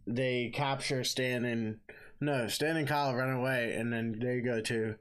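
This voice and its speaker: A man's voice: medium pitch, steady tone, measured pace, crowd noise. A man co-hosting a podcast in casual chat, recapping the story in a laid-back way. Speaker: podcast co-host.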